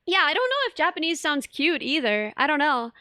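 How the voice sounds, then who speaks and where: A woman's voice: high voice, sing-song, brisk, sharp tone, no room sound, studio quality. A young woman streamer in casual live chat, reading viewer messages and rambling with many restarts.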